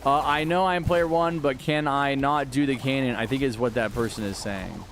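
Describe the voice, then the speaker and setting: Slightly bright and medium-pitched, a Texan streamer chats at normal speed while gaming, with a bit of background noise. His rambling answers to chat questions come loaded with fillers and restarts.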